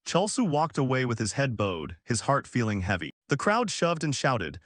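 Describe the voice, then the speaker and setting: A man narrating a story recap in a steady, scripted way. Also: medium pitch, moderate pace, few pauses, dry recording, clean studio sound.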